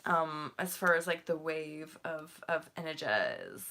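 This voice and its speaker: A woman's voice: low voice, sing-song, slow pace, vocal fry, pushed and bright. A woman chatting casually on a spiritual livestream, rambling, swearing freely and mocking herself. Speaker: spiritual vlogger.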